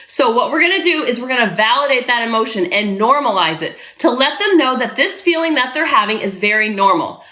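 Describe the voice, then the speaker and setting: A middle-aged woman and podcast host, coaching parents in an energetic, emphatic way and repeating her key phrases. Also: on the high side, roomy sound.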